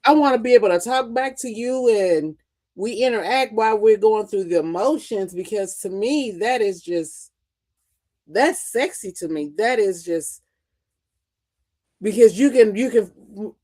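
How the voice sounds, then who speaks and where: A woman's voice: mid-range voice, measured pace. A woman co-hosting a podcast, talking frankly in casual chat. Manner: frank, animated, acts out quotes. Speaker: podcast co-host.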